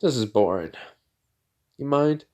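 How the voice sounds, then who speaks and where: A man's voice: medium pitch, expressive, a little slow, warm tone, close to an everyday voice. A cocky young male speedster, voiced by a male storyteller talks in a casual, smug, offhand way. The voice stays close to the speaker's own. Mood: bored.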